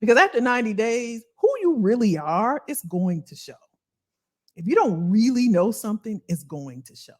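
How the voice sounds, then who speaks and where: Brief: a woman in her fifties, a career coach hosting a livestream, animated and chatty, with a lively voice. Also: fairly high pitch, normal speed. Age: 50s. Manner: animated, chatty, reads and answers live chat, addresses viewers as y'all. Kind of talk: casual livestream talk to viewers.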